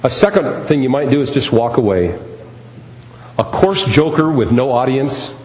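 A man's voice: medium pitch, lively intonation, moderate pace, darkish tone, a little hiss or hum. A man preaching a sermon as pastor, speaking emphatically and repeating key phrases. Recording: echoey hall with faint ambience.

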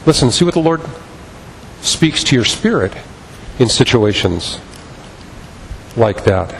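A man's voice: medium pitch, big pitch swings, slow, gravelly, long reverb tail, slight background noise, rough recording. A man preaching a sermon as pastor, impassioned and repetitive in his cadence.

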